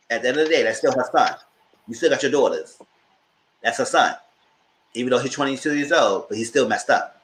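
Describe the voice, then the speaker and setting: A man hosting a TV review show, recapping scenes in a lively, casual way and acting out people's lines in exaggerated voices. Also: a little fast, echoey room, slight background noise. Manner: acts out quotes in exaggerated voices, squeals high.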